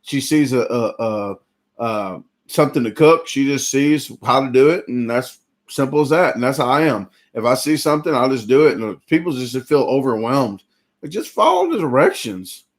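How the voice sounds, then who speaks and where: Here the stream host speaks at a medium pitch and a moderate pace, sounding very animated. He's a competitive eater who just downed a huge meal, so he's full and sluggish, rambling and chatting in his live stream while reading out viewer names.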